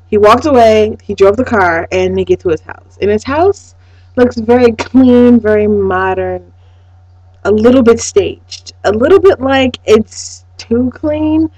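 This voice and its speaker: A woman casually recapping a TV episode, excitable and profane, swinging from hushed to loud. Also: on the high side, dry recording, rough recording.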